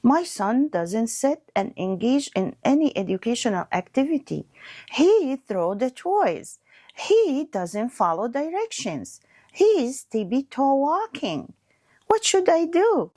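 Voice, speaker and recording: A woman's voice: high voice, big pitch swings, slow, dark tone, no room sound, studio quality, full character voice. A woman playing a worried mother who earnestly asks a teacher for help with her young son. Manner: pleading, earnest questions. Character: worried mother of a toddler boy.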